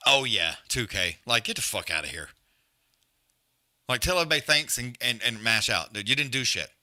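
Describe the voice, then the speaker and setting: A man's voice: medium pitch, lively intonation, brisk, bright, forceful tone. A man hosting a live fight watch-along, trash-talking fighters in blunt, profane casual chat. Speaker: live stream host.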